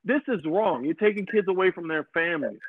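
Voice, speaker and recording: A man hosting a casual podcast chat. He talks in an animated, rambling way, repeats his words and acts out what other people said. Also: sits high, quick pace, husky, no room sound. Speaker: podcast host. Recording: dry phone-like audio.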